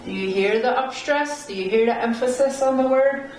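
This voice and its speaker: A woman's voice: fairly high pitch, normal speed, a little mellow, a little hiss or hum. A woman teaching a language lesson, patiently repeating words and breaking them into syllables. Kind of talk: slow spoken language lesson. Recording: very echoey room, heard from a distance.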